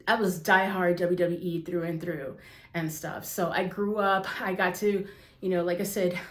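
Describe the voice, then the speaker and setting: Gushing woman wrestling fan, echoey room. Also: mid-range voice. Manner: gushing, emotional, says "you guys" and "oh my gosh" a lot. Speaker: wrestling vlogger. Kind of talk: excited casual chat to camera.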